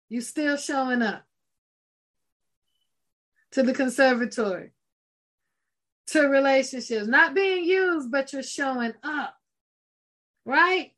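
A woman's voice: high voice, slow pace, long pauses, a bit bright. A woman preaching a sermon with fervent, emphatic delivery, repeating phrases and breaking into exclamations.

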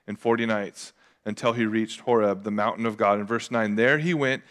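A young adult man preaching a sermon as a pastor, casual and confessional, with lively acted asides. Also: lowish voice, moderate pace.

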